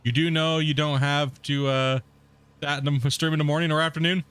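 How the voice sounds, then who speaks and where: A man's voice: fairly high pitch, little pitch movement, fairly quick, fairly bright tone, smooth. A man streaming a game from home, chatting casually with viewers and people in the house, laughing often. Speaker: gaming streamer. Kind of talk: casual live-stream chat.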